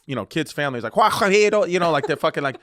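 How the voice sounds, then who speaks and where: A man's voice: a little high, rapid-fire. A man co-hosting a comedy podcast, rambling, crude and teasing, laughing often. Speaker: podcast co-host. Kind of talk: casual comedic podcast chat.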